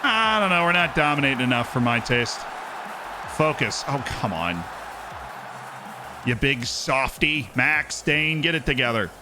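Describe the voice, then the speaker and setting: A man streaming a game live, commenting on the play and answering chat in a joking, animated way. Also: mid-range voice, measured pace, long pauses, background noise.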